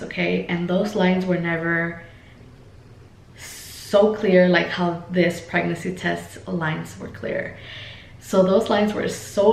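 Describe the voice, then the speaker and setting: A woman's voice: on the low side, vocal fry. A young woman telling a personal story to her viewers in a chatty vlog style, full of fillers and talking straight to the audience. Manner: chatty, many fillers, addresses viewers as guys. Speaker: vlogger. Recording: echoey room.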